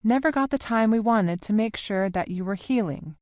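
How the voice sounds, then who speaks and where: A woman voicing a gentle, somewhat nervous motherly woman speaking earnestly, in an audiobook. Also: mid-range voice, moderate pace, no echo, clean studio sound, voice pushed up, close to an everyday voice.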